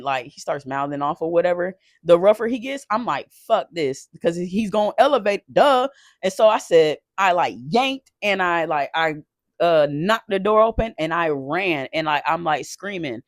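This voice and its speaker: A man telling a painful personal story off the cuff, emotional and halting, swearing and restarting often. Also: fairly high pitch, animated, dry recording, studio quality. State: shaken while recounting.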